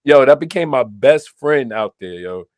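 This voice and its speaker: A podcast co-host from Brooklyn, New York chats casually and tells stories with animation, acting out the quoted lines in his anecdotes. He has a mid-range voice at a moderate pace, with no room sound.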